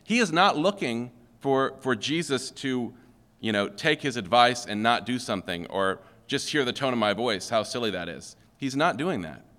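A man's voice: mid-range voice, lively intonation, moderate pace, fairly bright tone. A male pastor preaching a sermon in a conversational way, often checking in with "okay?" and putting questions to the room. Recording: long hall reverb.

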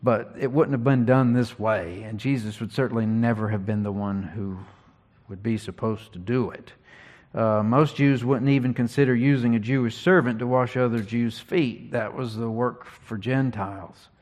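A man preaching an expository sermon, teaching earnestly and reading scripture slowly with emphasis. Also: medium pitch, fairly even intonation, a little mellow.

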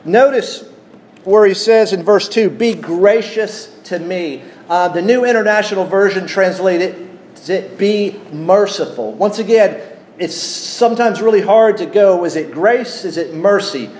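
A man preaching a sermon, teaching at an unhurried pace and putting questions to his congregation. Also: high-pitched, a little mellow, a little hiss or hum. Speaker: pastor.

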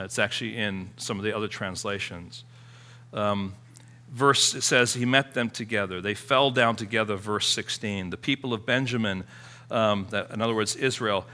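A man delivers a sermon in a bright, forceful voice at a middle pitch. He preaches earnestly and conversationally, often circling back to restart a phrase. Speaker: pastor.

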